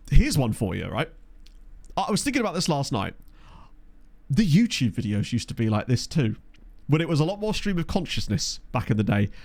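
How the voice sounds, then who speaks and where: A man with a soft Essex accent chats loosely with his live-stream viewers, wandering off on jokey tangents. His pitch rises and falls in a lively way. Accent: soft Essex home counties English. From Essex, England. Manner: rambling, jokey, chatting with viewers. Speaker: streamer playing a management game. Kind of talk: casual live-stream chat.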